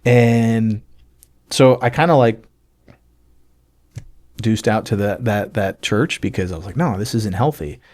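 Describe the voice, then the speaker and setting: A man in his forties, an army sergeant major, telling a personal testimony in a casual, animated way, acting out the dialogue and talking with lots of fillers. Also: lowish voice, moderate pace, pauses often. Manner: animated, acts out quoted dialogue; casual, many fillers like "like" and "you know".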